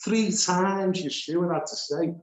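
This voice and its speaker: A man teaching a Bible study, animated and laughing between his points as he reads scripture aloud. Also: high voice, slow pace, roomy sound.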